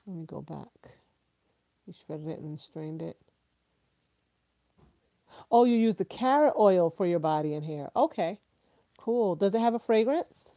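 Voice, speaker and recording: A woman in her thirties hosting a live stream, gushing excitedly and chatting straight to her viewers. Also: lowish voice, measured pace, long pauses.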